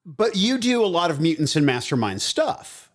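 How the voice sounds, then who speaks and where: A man hosting an interview, asking questions in a measured, polite way. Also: a little high, big pitch swings. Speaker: interview host.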